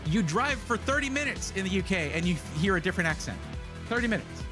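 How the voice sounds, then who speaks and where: A man's voice: high-pitched, expressive, quick pace, music in the background. A man hosting a casual livestream, chatty and rambling, often correcting himself as he talks. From United States. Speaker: livestream host.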